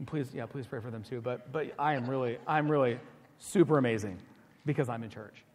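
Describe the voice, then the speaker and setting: A man preaching a sermon as pastor, animated and conversational, acting out quoted voices. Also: mid-range voice, brisk. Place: church sanctuary. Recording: long church hall reverb.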